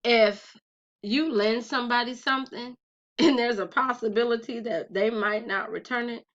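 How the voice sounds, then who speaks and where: A young adult woman telling a personal story in a casual vlog, talking straight to her viewers in a chatty, animated way. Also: on the high side, moderate pace. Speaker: vlogger. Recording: slightly dull lo-fi recording.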